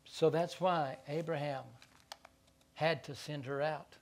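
A man preaching a sermon as pastor, stammering into repeated words and moving between quiet asides and loud stretches. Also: fairly high pitch, slow pace.

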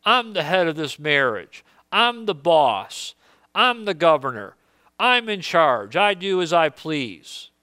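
Indignant, boastful king voiced by a male preacher, raised and loud, bright clear tone. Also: on the high side, sing-song, slow pace, no echo, full character voice. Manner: indignant boasting, repeating his claims. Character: angry proud male king, boastful and defiant.

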